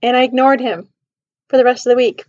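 A woman telling a personal story in casual, animated chat, saying "like" often. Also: fairly high pitch, a little fast, lo-fi sound. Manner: animated, chatty, says "like" often. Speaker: vlogger.

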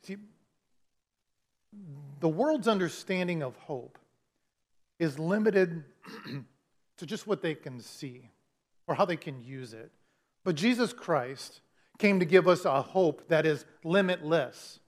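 High-voiced male pastor preaching. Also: lively intonation, slow, long pauses. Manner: conversational preaching with repeated restarts. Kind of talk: sermon. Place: church.

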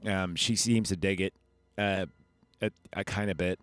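A man's voice: deep voice, steady tone, measured pace, a bit bright, no room sound, faint music behind. A man hosting a podcast, recapping a movie in a rambling, chatty way and swearing freely. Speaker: podcast host. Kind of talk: casual film review.

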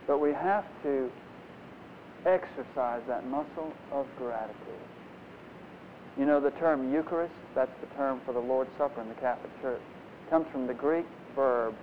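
A man preaching a conversational, animated sermon, acting out the voices in his stories, in a dull lo-fi recording. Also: mid-range voice, normal speed. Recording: dull lo-fi recording, faint noise.

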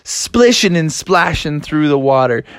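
A man's voice: a little high, lively intonation, unhurried, fairly bright tone. A man narrating a read-along children's story in a casual, playful way.

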